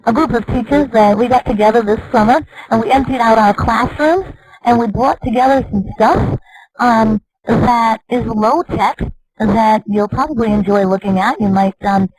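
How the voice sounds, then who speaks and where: A woman's voice: on the high side, rough recording. A woman presenter casually introducing a video to an audience, with a few ums. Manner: relaxed, with ums.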